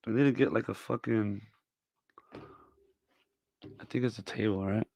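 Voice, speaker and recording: A man's voice: fairly low pitch, fairly even intonation, slow, gravelly. Man hosting, ranting with profanity. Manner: profane, mock-scolding tirade that flips between shouting and muttering. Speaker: podcast host. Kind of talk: comedic rant.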